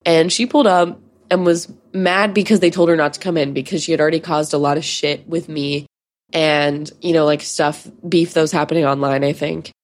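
A woman's voice: deep voice, fairly even intonation, brisk. A woman in her twenties telling candid, profane stories as a podcast host in casual chat. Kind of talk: casual storytelling.

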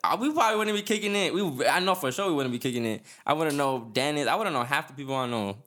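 A man's voice: a little high, expressive, fast, a bit bright. A man hosting a podcast, chatting casually in laid-back slang and laughing often. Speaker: podcast host. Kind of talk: casual chat.

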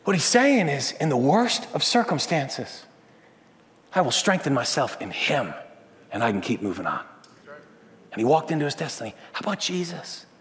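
A man in his thirties preaching a sermon, telling stories with animation and swinging from loud to hushed. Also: a little high, big pitch swings, normal speed. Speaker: pastor. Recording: long hall reverb.

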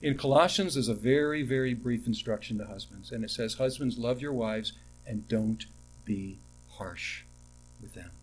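A middle-aged man preaching a sermon, with animated emphasis that drops to quiet asides and personal stories told with restarts. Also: mid-range voice, normal speed. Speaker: pastor.

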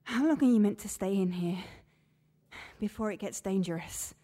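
A woman's voice: mid-range voice, moderate pace, dark tone, lightly acted. An actress playing an anxious woman trapped in a sauna, talking in a frantic, panicky way in an audio drama. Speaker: sauna customer.

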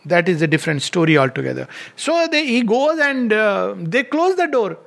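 Man, high-pitched voice, spiritual lecture, animated storytelling. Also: moderate pace, gravelly. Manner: animated retelling, acting out quoted lines.

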